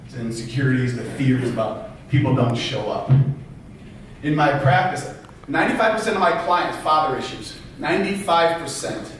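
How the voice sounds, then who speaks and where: A man giving a motivational talk as a therapist, animated, firing rhetorical questions at the audience. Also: a little high, slight background noise. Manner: animated, acts out quoted voices, fires rhetorical questions. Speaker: therapist and public speaker. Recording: echoey hall, voice from far off.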